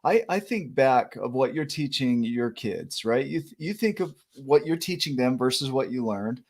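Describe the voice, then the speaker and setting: A man hosting a casual chat, easygoing and jokey, often affirming with quick yeahs. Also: mid-range voice, expressive. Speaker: host.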